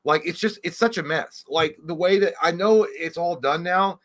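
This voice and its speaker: Young male co-host, bright edgy tone, rambling and cussing. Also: fairly high pitch, moderate pace. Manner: rambling, animated, swears a lot. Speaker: podcast co-host. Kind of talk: casual profane chat.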